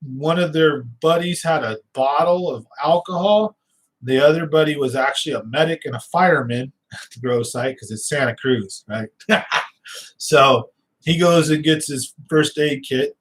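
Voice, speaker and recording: A man's voice: a little high, measured pace, fairly bright tone, rough recording. A man hosting a fishing channel, chatting casually and telling stories in a loose, rambling way with fillers, restarts and a slight lisp. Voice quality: slight lisp, sometimes gets stuck on words.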